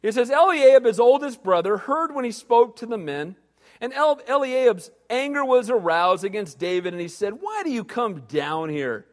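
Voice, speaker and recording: In a large hall, a pastor preaches a sermon, reading scripture and acting out the voices of biblical characters with growing intensity. His male voice is high-pitched and expressive, at normal speed.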